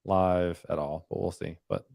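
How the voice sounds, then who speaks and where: A man's voice: low voice, steady tone, measured pace, gravelly, a little mellow, dry recording, studio quality. A man hosting a live stream, chatting casually and rambling with frequent "um"s and "like"s. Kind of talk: casual chat.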